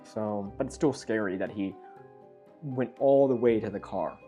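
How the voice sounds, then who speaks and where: A man's voice: fairly low pitch, a little slow, faint music behind. A man chatting casually as he reacts to a video, rambling and cutting himself off as he goes. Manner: rambling, self-interrupting, animated.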